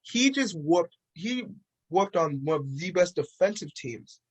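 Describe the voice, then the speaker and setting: A man co-hosting a casual podcast chat, animated and acting out quotes in a raised voice. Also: fairly high pitch, a little slow, husky, low-quality recording. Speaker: podcast co-host.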